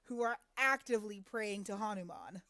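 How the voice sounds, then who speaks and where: A woman co-hosting a casual podcast chat, blunt and opinionated and quick to laugh. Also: medium pitch, pushed and bright, no echo. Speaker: podcast co-host.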